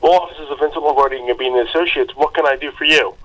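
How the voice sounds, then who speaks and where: A man's voice: fairly high pitch, racing, fairly bright tone, highs cut off, close to an everyday voice. A man putting on a brash New York wiseguy. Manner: wisecracking, streetwise. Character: brash fast-talking male New York character.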